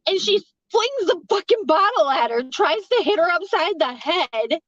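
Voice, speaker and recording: Woman, high voice, casual rambling storytelling, swears a lot, dull dry recording. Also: very animated, normal speed, fairly bright tone, no room sound. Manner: rambling, swears freely, laughs between lines. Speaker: hotel front desk clerk.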